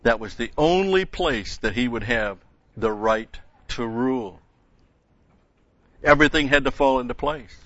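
A man's voice: medium pitch, a little slow, fairly bright tone, dry recording, highs cut off. A man preaching a sermon who reads scripture aloud with rising emphasis, then explains it in plain asides.

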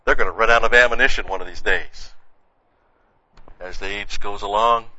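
Bright-toned male preacher, lo-fi. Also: on the low side, moderate pace, no echo. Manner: conversational preaching with frequent "see" and "you know". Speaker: pastor. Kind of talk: sermon, verse-by-verse Bible teaching. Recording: dull, muffled lo-fi sound.

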